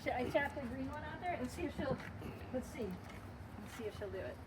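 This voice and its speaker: A woman hosting a casual product review vlog, excitedly cheering her dogs on during a game of fetch outdoors. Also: high-pitched, brisk. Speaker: product reviewer and dog owner.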